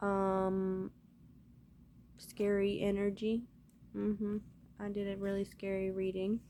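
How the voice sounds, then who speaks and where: A woman's voice: medium pitch, little pitch movement, slow pace, vocal fry, pauses often, darkish tone. A woman talking straight to her viewers in a loose, rambling monologue, swearing freely as she goes. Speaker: vlogger.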